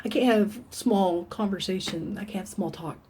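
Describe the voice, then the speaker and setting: A woman speaking in a personal confessional vlog, earnest and halting, talking openly about painful memories in a dark room. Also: mid-range voice, slight background noise. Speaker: vlogger.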